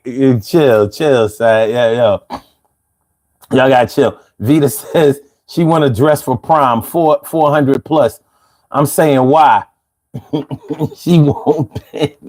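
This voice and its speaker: A man hosting a live stream in casual chat, reading out viewer comments in a slangy, animated way. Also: mid-range voice. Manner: slangy, animated, laughs between lines. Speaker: livestream host.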